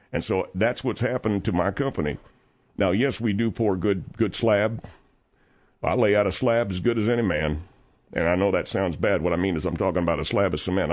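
Man doing a low-voiced, rambling middle-aged construction boss, petty and stammering, radio comedy bit. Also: natural voice. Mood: flustered. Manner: rambling, stammering, easily aggrieved. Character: blustering male concrete contractor, petty and long-winded. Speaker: guest host filling in on a radio show. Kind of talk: comedic radio call-in monologue.

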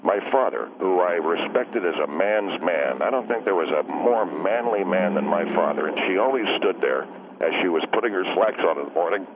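Over a tinny phone line with a noisy background, a low-pitched, animated voice speaks at normal speed. It's an actor playing a defensive, rambling middle-aged husband calling a radio comedy show, who keeps confusing "he" and "she."

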